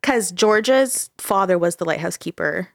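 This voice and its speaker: Woman, podcast host, lower voice, laughing, swearing, dry close mic. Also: expressive, unhurried, gravelly, dry recording. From Ontario, Canada. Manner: laughing storyteller, swears freely. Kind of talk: casual podcast chat.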